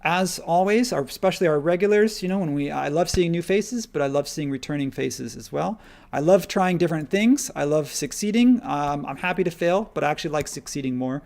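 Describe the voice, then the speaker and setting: Chatty male tutorial host, rambles while working, gravelly texture. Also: on the high side, expressive, brisk, a little mellow. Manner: rambling, upbeat, thinks aloud while working. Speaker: live stream host and modeling instructor. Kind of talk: live software tutorial, casual and chatty.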